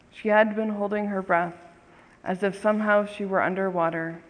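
A storyteller telling a tale in a calm, measured way, at a slow, unhurried pace. The voice sits at a middling pitch and carries a long reverb, as if told in a big hall. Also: gravelly.

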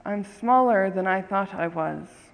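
A bold little girl, curious and frank, firing questions, as a storyteller puts her on. Spoken at an easy, slow pace with a long echoing hall around it. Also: medium pitch, gravelly.

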